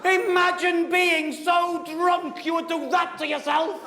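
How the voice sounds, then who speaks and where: A British man performing live stand-up, telling a story in an excitable way, swearing and shouting his punchlines on a theatre stage. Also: very high-pitched, takes it slowly. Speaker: stand-up comedian. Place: theatre stage with audience laughter.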